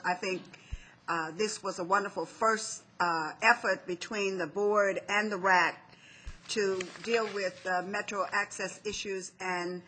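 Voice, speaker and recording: A woman chairs a public meeting at an unhurried pace, thanking speakers and calling the next. Her voice is bright and a little husky. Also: lowish voice. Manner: slow, formal, with fillers.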